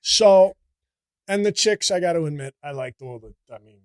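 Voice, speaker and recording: A man puts on a crude, bragging Italian-American tough guy from New Jersey who swears constantly and boasts loudly. He talks in a raised, fairly high register for a man, with a dry, close sound and no room echo. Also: lively intonation, moderate pace, close to an everyday voice. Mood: brash. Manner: brash, profane, bragging. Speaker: comedy character guest. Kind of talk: in-character comedic rant.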